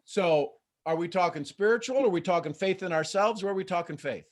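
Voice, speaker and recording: A middle-aged man hosting a live motivational coaching call, lively and acting out quoted voices. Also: high voice, fairly quick. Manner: animated, acts out quoted voices. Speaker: host and coach.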